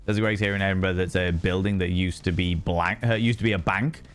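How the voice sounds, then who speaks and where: Casual male streamer, chatty and sweary, bit low-pitched, quiet music in the background. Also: steady tone, fast talker. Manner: chatty, loose, swears casually, frequent fillers. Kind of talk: casual chat reading and answering live chat.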